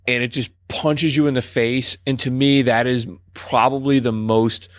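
A man's voice: medium pitch, steady tone, moderate pace, no echo, clean studio sound. Enthusiastic man talking music. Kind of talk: casual chat.

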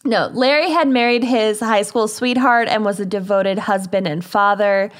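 A woman's voice: medium pitch, steady tone, moderate pace. Female podcast co-host, casual true-crime storyteller, chatty and giggly. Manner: chatty, giggly, reads out quotes.

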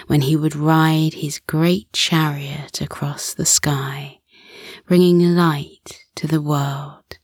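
A woman tells a children's bedtime story in a low, breathy half-whisper. She reads slowly and soothingly, close and dry against the mic. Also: a little mellow, no room sound.

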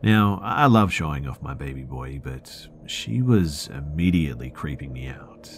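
A man's voice: very deep voice, expressive, unhurried, background noise. A man hosting a podcast, reading listener horror stories aloud in a dramatic scripted narration that sometimes drops to a whisper.

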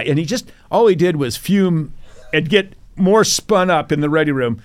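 A man's voice: a little high, normal speed. An older man, a retired Navy captain, telling stories in a podcast interview, acting out quotes and laughing often. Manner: animated storyteller, acts out quotes, laughs often.

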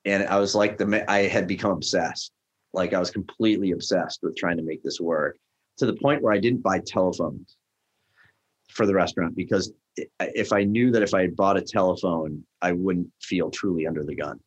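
Middle-aged guy telling a story, lowish voice, acts out all the quotes. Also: moderate pace, dull audio. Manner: animated storyteller acting out quoted dialogue. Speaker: guest, restaurant founder. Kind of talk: casual storytelling chat.

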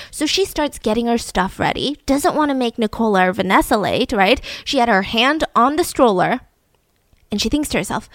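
A young adult woman hosting a podcast, telling a true story in a casual, animated way and building suspense with frequent asides to her listener. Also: fairly high pitch, moderate pace, no echo, studio quality.

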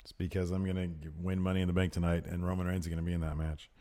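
Chatty, fairly low-voiced man. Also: level tone, rapid-fire, dark tone. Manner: chatty, laughs easily, trails off with fillers. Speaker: co-host. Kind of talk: casual wrestling recap chat.

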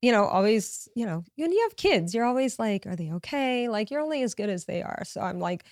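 A woman's voice: medium pitch, big pitch swings, a little fast, darkish tone, no room sound, studio quality. A middle-aged woman from Louisiana, a podcast guest, speaking openly and reflectively. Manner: open, emotional, reflective. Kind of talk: casual interview chat.

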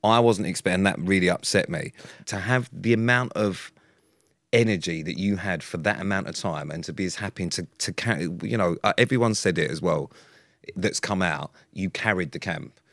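A man's voice: sits low, normal speed, fairly bright tone, dry recording, studio quality. A young man co-hosting a podcast, talking in an earnest, emphatic way with the odd swear word. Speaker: podcast co-host. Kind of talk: casual chat.

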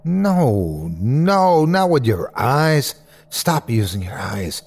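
A man voicing an eerie, maimed man who speaks in a slow, hissing, sing-song way. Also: mid-range voice, sing-song, a little mellow, exaggerated voice. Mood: pleading menace.

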